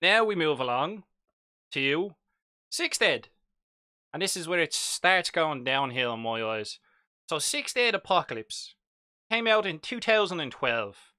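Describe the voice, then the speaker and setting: A man's voice: a little high, very animated, measured pace, pauses often, bright, forceful tone, clear, resonant tone, no echo, studio quality. A young man with a Dublin accent, chatting casually and jokily while hosting a live hobby stream. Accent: Irish, Dublin. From Ireland. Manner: chatty, jokey, reads chat aloud.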